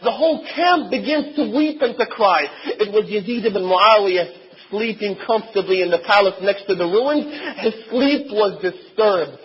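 Man, sermon, emotional storytelling, raised voice, breathy edge, dull lo-fi recording. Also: high-pitched, moderate pace. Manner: emotional storytelling with chanted lament. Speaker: preacher.

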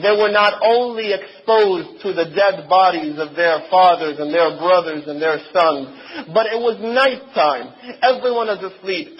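A man's voice: sits high, highs cut off, a little hiss or hum. A man preaching a sermon, telling a story with strong emotion and breaking into chanted lament.

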